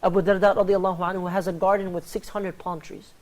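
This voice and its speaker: A man hosting a religious panel talk, rattling along at a brisk clip. he tells stories with lively energy and gives each quoted character a voice of its own. he speaks to a panel of guests. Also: sits high. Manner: animated storyteller, acts out quoted dialogue. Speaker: host.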